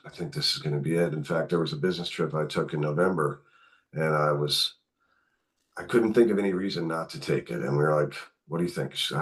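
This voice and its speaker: A middle-aged man, a podcast guest, candidly recounting caring for his mother, acting out the dialogue as he goes. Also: low-pitched. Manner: candid, animated retelling with quoted dialogue. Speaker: podcast guest, author and caregiver. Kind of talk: conversational storytelling.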